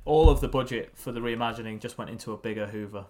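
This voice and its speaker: A man's voice: mid-range voice, quick pace, crowd noise. A man hosting a casual theme park podcast, upbeat and lifting his voice for the sign-off. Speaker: podcast host. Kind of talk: casual chat.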